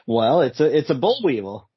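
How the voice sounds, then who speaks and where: A man's voice: medium pitch, very animated, unhurried, husky, no echo, muffled recording. A man co-hosting a comic podcast in casual chat, laughing often as he reads out the panels. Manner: chuckly, laughs often while reading out panels. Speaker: podcast co-host.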